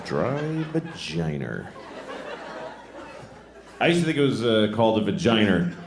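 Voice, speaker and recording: A man's voice: on the low side, big pitch swings, unhurried, background noise. A man in his forties from Boston doing a rambling, self-mocking, crude stand-up set on a comedy club stage. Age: 40s. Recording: echoey club with loud crowd.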